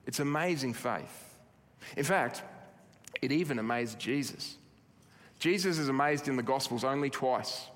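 A man's voice: mid-range voice, fairly bright tone. A man preaching a sermon in an earnest, emphatic way, often restarting his phrases. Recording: long hall reverb.

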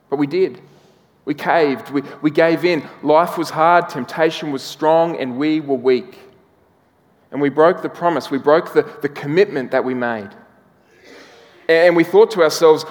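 A man preaching a sermon as pastor, telling a story and slowing down, dropping soft for emphasis. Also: on the high side, big-room sound. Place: church hall.

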